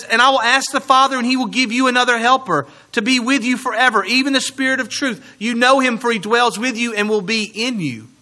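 Male pastor, high-pitched and bright, earnest sermon delivery. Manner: earnest preaching, slowing and dropping low on key words.

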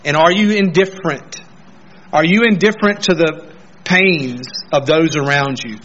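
A pastor preaching a sermon, earnestly putting questions straight to the congregation. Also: male voice, on the high side, measured pace, a bit bright, lo-fi sound.

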